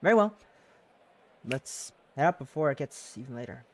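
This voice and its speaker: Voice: mid-range voice, lively intonation, normal speed, pitched below the performer's own voice, close to an everyday voice. A streamer voicing a polite, businesslike police detective.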